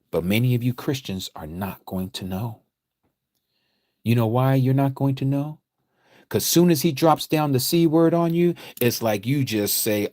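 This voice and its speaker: A man teaching a livestreamed scripture lecture, preaching emphatically and repeating phrases, his voice swinging from quiet to loud. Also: medium pitch, no room sound, studio quality. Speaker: Bible study teacher.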